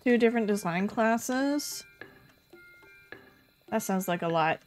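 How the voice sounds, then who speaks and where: A woman streaming a game live, chatting casually with her viewers and reacting out loud to the game. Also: mid-range voice, expressive, slow, soft background music. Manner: chatty, reads chat, bursts into loud frustrated yelps.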